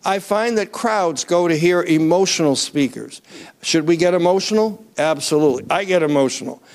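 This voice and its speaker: Male preacher, high-pitched, animated sermon delivery that rises to near-shouts and calls on the congregation. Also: moderate pace. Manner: asks the crowd to raise hands.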